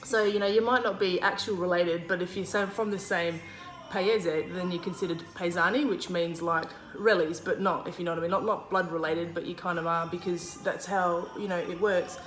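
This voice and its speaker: A woman's voice: on the low side, steady tone, normal speed, soft background music. Chatty Australian woman in echoey kitchen. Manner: chatty, lots of fillers, acts out quoted lines. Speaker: cooking video host. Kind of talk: casual storytelling while cooking.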